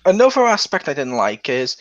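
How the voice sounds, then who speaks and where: A man with a rather high, very lively voice chats casually as a podcast co-host, mocking what he talks about and slipping into little acted bits. The sound is dry and close. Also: fairly quick, no room sound, muffled recording. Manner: animated, mocking, acts out characters. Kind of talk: casual chat.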